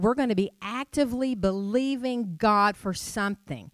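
A woman's voice: mid-range voice, normal speed, no echo. Middle-aged woman preacher, conversational sermon, dry close mic. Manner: chatty storytelling with rhetorical questions.

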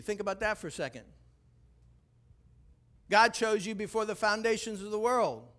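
A man preaching a sermon, telling a personal story with animated shifts between hushed, tense passages and rising emphasis. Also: moderate pace, long pauses. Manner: animated storytelling, drops low and quiet for tense moments, then rises and preaches. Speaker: pastor.

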